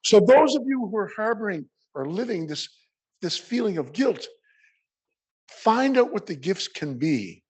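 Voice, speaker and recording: An older man giving emotional closing remarks at a symposium, halting with many restarts and at times choked up. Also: sits high, big pitch swings, crowd noise. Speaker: symposium speaker.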